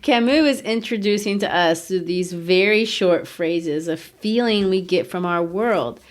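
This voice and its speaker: A woman's voice: lowish voice, measured pace. A woman co-hosting a literature podcast, explaining ideas earnestly with rhetorical questions and easy laughs. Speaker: podcast co-host. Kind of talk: conversational literature discussion.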